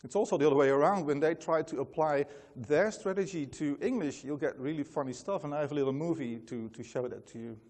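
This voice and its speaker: A man's voice: on the high side, fast talker, hardly any pauses, a little mellow, big-room sound. A man with a Dutch accent, a native Dutch speaker, giving a casual, chatty conference talk full of fillers. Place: large conference hall.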